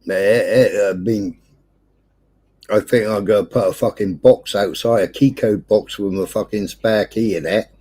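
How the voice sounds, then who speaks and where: A man's voice: on the low side, moderate pace, husky. Sweary English man telling a story. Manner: sweary, lively, acts out quoted voices. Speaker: livestream host. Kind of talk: casual storytelling chat.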